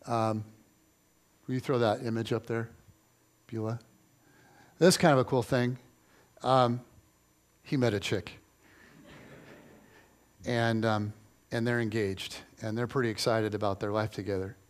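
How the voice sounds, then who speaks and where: A middle-aged male pastor preaching a sermon, telling stories with lively repetition for emphasis. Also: mid-range voice, a little slow, long pauses. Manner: animated storytelling, repeats phrases for emphasis.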